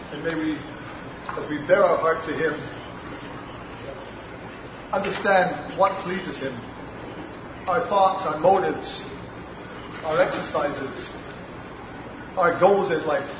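Gentle man, heard from afar in an echoey room. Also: on the high side. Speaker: participant in a Bible study. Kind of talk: devotional Bible discussion. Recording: distant, echoey, muffled and noisy.

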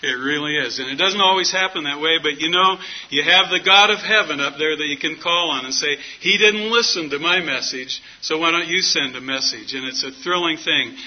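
Middle-aged guy preaching, folksy storyteller, kinda high voice, muffled lo-fi sound. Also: brisk. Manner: folksy storytelling, acts out quoted dialogue. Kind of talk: sermon with personal story. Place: church meeting hall.

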